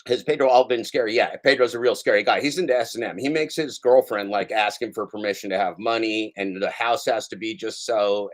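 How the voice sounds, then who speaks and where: A man hosting a livestream, ranting casually in a taunting, profane and rambling way. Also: on the low side. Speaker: livestream host.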